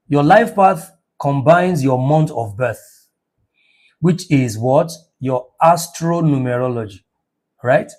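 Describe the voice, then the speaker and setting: A man teaching numerology in an emphatic, preacher-like motivational lecture, his voice rising to near shouts. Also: medium pitch.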